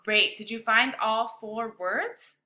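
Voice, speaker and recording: A woman teacher walks children through a bilingual science lesson. Her voice sits a little high and sounds crisp and bright, and she talks slowly and clearly, encouraging the kids to repeat after her. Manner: slow, clear, encouraging classroom delivery.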